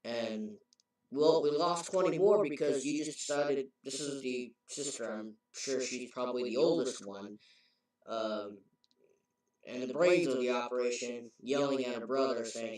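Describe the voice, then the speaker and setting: A man with a darkish, mid-range voice recaps a story's plot at a measured pace, rambling and revising himself as he talks. He is a game reviewer, recorded in a very echoey space well away from the mic.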